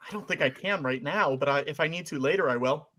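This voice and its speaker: A man's voice: on the high side, fast talker, sharp tone. A man on a charity livestream, calling out auction bids and playing along with the jokes. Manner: plays along good-naturedly, calls auction bids. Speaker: auction runner and co-host. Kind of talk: casual livestream banter.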